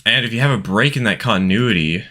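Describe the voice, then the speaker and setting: Bright, low-voiced male gaming streamer. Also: expressive, quick pace. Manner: chatty, laughs often, rambling asides. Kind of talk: casual gameplay commentary.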